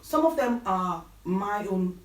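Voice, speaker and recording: A woman with a Nigerian accent hosting a casual interview, chatty and quick to laugh. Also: medium pitch, lively intonation. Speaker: host. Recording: roomy and distant.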